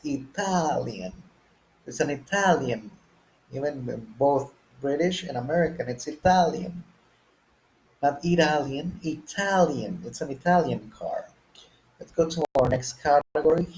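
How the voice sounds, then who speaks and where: A man's voice: mid-range voice, darkish tone, low-quality recording. A man teaching a beginner English lesson, speaking patiently and asking learners to guess and repeat words after him.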